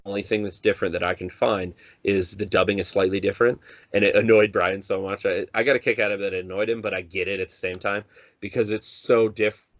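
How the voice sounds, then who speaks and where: Deep-ish guy podcast cohost, rambles, restarts a lot, dead dry muffled mic. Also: flat delivery, quick pace, no room sound. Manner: rambling, many restarts, acts out quoted lines. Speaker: podcast co-host. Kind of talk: casual chat.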